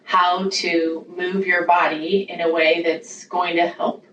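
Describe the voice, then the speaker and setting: A woman's voice: fairly low pitch, little pitch movement, takes it slowly, a bit bright, lo-fi sound. A woman hosting a parenting podcast, chatting casually and enthusiastically, acting out little quoted lines as she talks. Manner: enthusiastic, affirming, acts out quotes. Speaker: podcast host. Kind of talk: casual conversational interview. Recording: echoey room, distant mic, faint noise.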